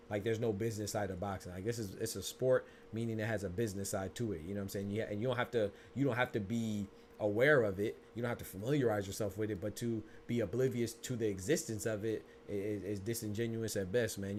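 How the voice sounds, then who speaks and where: A man's voice: on the low side, darkish tone, a little hiss or hum. A man hosting a boxing podcast in casual, slangy livestream talk, speaking to viewers in chat.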